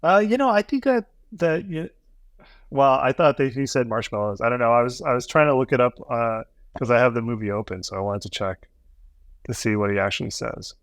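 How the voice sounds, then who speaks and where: A man's voice: medium pitch, a little fast, dry recording. Rambling male podcast co-host. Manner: rambling with many fillers. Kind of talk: casual review chat.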